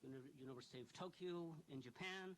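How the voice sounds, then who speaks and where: Man, host introducing a guest, halting delivery, lots of uh, slightly high voice. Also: low-quality recording. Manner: halting, many "uh" fillers. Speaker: event host introducing the speaker. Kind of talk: reading an introduction.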